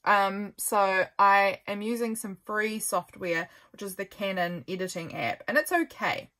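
A young woman talks in an easy, chatty way, at a middle pitch for a woman. She rambles, wanders off track and corrects herself mid-thought, like a relaxed journaling vlogger talking to her viewers. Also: unhurried. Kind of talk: casual chatty flip-through.

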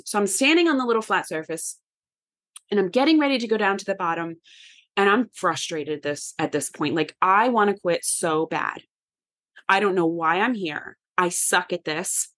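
Candid woman telling a personal story. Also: medium pitch. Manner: animated, candid, addresses listeners as y'all. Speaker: podcast host.

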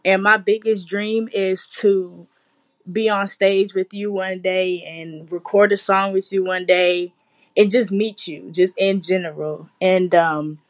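Hesitant woman, earnest fan message. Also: mid-range voice. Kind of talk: recorded birthday message.

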